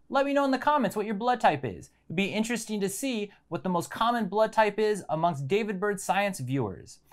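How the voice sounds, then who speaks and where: A man hosting a science channel, calmly walking viewers through a hands-on demonstration step by step. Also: a little high. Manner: casual, step-by-step explaining. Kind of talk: instructional demonstration.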